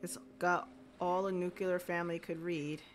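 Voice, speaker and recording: A woman's voice: fairly low pitch, flat delivery, moderate pace, a little hiss or hum. A woman streaming a game live, reading lines aloud and chatting in an amused, questioning way.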